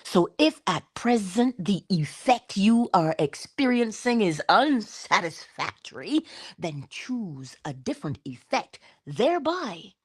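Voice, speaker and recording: A woman hosting a spiritual talk, animated and laughing often as she tells stories. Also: on the low side, slightly rough. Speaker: spiritual channel host. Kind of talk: casual spiritual talk to viewers.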